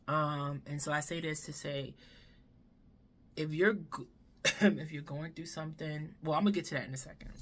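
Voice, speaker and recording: Brief: woman vlogger, low voice, slow and earnest, candid with casual swearing, seated at home. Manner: emotional, drops to a whisper at times. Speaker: beauty vlogger. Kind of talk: candid life-update chat to camera. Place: home room, seated in front of camera.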